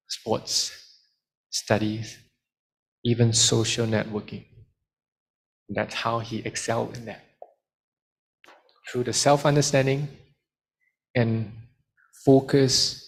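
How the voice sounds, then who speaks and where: A man's voice: medium pitch, creaky, husky. A man giving a study skills seminar to students and taking questions, switching into Malay now and then. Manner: lively, mixes in Malay phrases. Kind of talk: seminar talk with Q and A.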